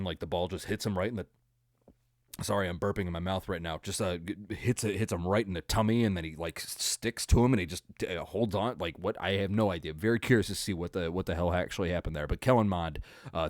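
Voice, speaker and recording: A young man with a deep, low voice talks through a football game on his solo podcast. He rambles and gets excited, with plenty of restarts and fillers. The sound is close and dry, with no room echo. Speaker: podcast host. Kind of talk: casual solo sports recap.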